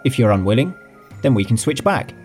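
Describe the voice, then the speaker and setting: A man's voice: mid-range voice, very animated, fairly quick, darkish tone, soft background music, pitched above the performer's own voice, lightly acted. A male narrator voicing a playful, sly young nobleman in an audiobook, with an easygoing, wry delivery. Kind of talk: audiobook character voice.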